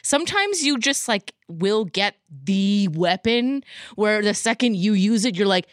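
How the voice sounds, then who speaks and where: A woman podcast host in casual chat, rambling and animated, with lots of "like". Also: mid-range voice, a little slow, no room sound, studio quality.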